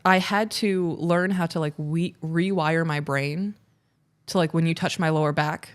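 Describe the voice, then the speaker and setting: A woman co-hosting a relationship podcast, talking casually and earnestly, sometimes halting over words and laughing easily. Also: sits low, fairly even intonation. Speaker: podcast co-host. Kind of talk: casual podcast chat, reading listener letter.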